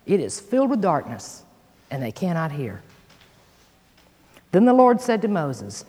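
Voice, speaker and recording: A woman leads a sermon, reading scripture aloud with bold emphasis and dropping folksy asides to her listeners. Her voice swings widely in pitch. Long reverb trails her words. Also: big pitch swings, a little slow, long pauses, dark tone, slightly rough. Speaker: Bible teacher.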